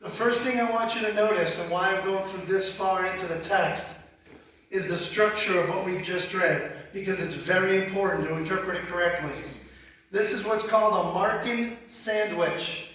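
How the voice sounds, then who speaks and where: A man teaching from the Bible in a sermon, animated and conversational, often repeating words as he goes. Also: high voice, moderate pace. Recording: very echoey hall, speaker far from mic.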